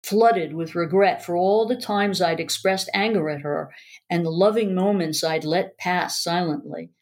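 A woman's voice: fairly low pitch, unhurried, darkish tone. A woman narrating a first-person memoir aloud in an earnest, emotional way.

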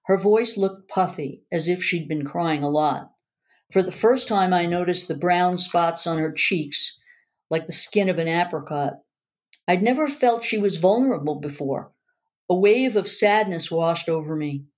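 A woman's voice: on the low side, lively intonation, a little slow. Woman reading an emotional memoir. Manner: earnest, emotional storytelling. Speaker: narrator. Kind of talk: first-person memoir reading.

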